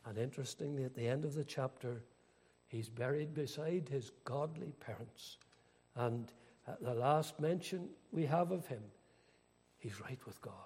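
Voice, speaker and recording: A man's voice: mid-range voice, mellow, husky. An older man preaching a sermon earnestly, with dramatic rises and falls. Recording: long hall reverb.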